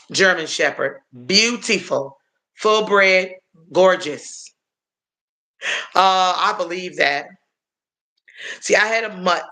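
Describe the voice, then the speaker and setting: A man chats on a live stream with a high, bright voice, answering viewers' comments as they come in. He talks unhurriedly and rambles, filling gaps with um and uh and calling his viewers y'all. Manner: halting, with frequent um and uh fillers. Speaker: livestream host answering chat. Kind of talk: casual live-stream chat.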